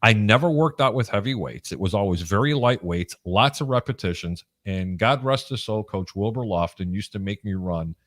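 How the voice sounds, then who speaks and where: Animated middle-aged man telling stories. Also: lowish voice, moderate pace, few pauses. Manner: animated storyteller, acts out shouting coaches. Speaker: co-host. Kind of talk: casual storytelling chat.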